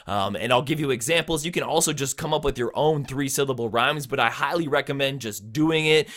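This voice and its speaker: A man with a bright, forward voice teaches rap writing in a loose, chatty way. He breaks into short rapped lines to show each rhyme, then goes back to explaining. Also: mid-range voice. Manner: relaxed, explanatory, drops quick rap bars as examples. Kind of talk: casual lesson on rap rhyming.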